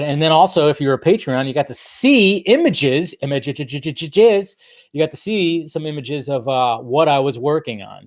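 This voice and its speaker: A young man hosting a casual live stream, chatting in a rambling way and talking straight to viewers in the chat. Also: fairly high pitch. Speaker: host.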